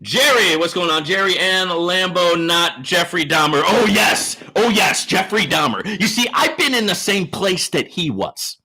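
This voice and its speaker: A man hosting a live Q&A stream, giving loud, hyped shout-outs to viewers in the chat and teasing them boastfully. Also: sits high, lively intonation, measured pace, hardly any pauses, slightly rough. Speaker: livestream host.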